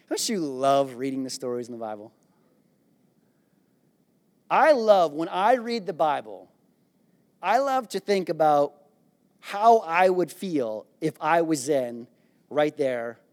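Animated high-voiced preacher man. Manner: animated storytelling, acts out disciples with a raised voice; playful, jokes with the congregation. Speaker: pastor. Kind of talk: sermon.

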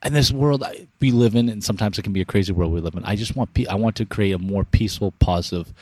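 A man's voice: on the low side, fast, mellow, no room sound. A young adult man telling stories with energy in a casual interview, acting out quoted dialogue. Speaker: podcast guest, founder of an inspiration business.

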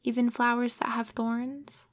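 A woman's voice: fairly high pitch, little pitch movement, measured pace, lightly acted. A woman voicing an earnest, persistent little boy prince from a tiny planet in a storybook reading, asking questions insistently. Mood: curious.

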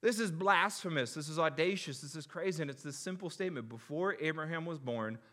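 A young man preaching a sermon in an animated, joking way, acting out the crowd's reactions. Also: fairly high pitch, a little fast. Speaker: pastor.

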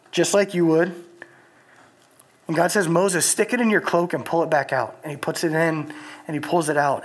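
Young preacher, husky voice, casual sermon, lots of "like" in there. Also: mid-range voice. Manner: chatty storytelling with many "like" fillers.

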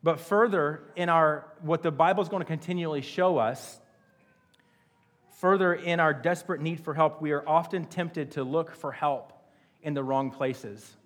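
A man preaching a sermon in an earnest, conversational way, often repeating himself as he finds the words. His voice sits a little high for a man. A long reverb trails every line, as in a large church hall. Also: unhurried. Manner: earnest, repeats and restarts phrases. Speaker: pastor.

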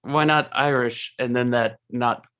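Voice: medium pitch, fairly even intonation, measured pace, a bit bright, no room sound, clean studio sound. A podcast co-host in a casual movie discussion, laughing often and starting hesitantly.

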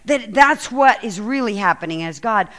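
A woman pastor preaching a sermon and reading scripture aloud, telling the story with lively, acted-out quotes. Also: fairly high pitch, normal speed. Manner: animated storytelling, acts out quoted lines.

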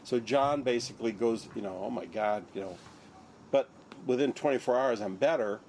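A man's voice: mid-range voice, normal speed, a little mellow, a little hiss or hum. An older man, a surgeon, recounting his story in an interview, acting out the lines of others. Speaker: interviewee, neurosurgeon.

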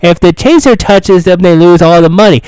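A man's voice: high voice, normal speed, a little mellow, clean tone, no echo, lightly acted, low-quality recording. A man imitating a whiny, overexcited male game show fan who rambles in repetitive bursts. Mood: rambling.

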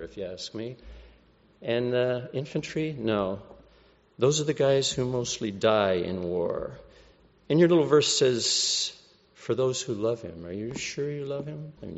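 A man's voice: medium pitch, creaky, big-room sound, muffled recording. A man voicing a sly male devil who mocks and sows doubt. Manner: mocking, sneering.

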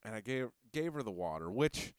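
A man's voice: on the low side, big pitch swings, fairly quick, clean tone, no echo, studio quality. A young man telling a crude, profane story in casual podcast chat, full of fillers.

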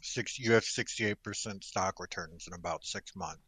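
Man, lowish voice, dead-dry mic, teasing and questioning. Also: normal speed, fairly bright tone, husky, no echo. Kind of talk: casual online group chat.

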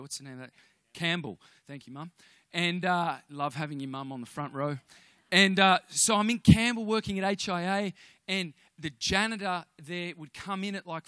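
A man preaching in church, telling a personal story in an animated way. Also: high-pitched, no room sound, studio quality. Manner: animated storytelling, acts out voices, restarts often.

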